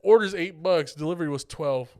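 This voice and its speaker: Young male podcast co-host, casual and profane, slightly high, smooth voice. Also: a little fast, darkish tone. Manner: loose, profane storytelling with laughs. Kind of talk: casual chat.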